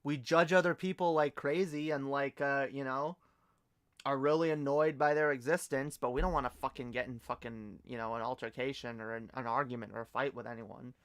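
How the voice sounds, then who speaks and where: A man's voice: medium pitch, fairly even intonation, brisk, smooth. A man from Canada chatting casually on a livestream, swearing a lot and stumbling through rambling restarts. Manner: profane, rambling, stammering restarts. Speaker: streamer.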